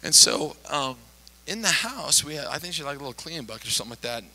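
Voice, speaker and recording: A man's voice: a little high, fast, gravelly, rough recording. A middle-aged male pastor telling a story in a sermon, acting out the voices of the people in it. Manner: animated, acts out quoted voices.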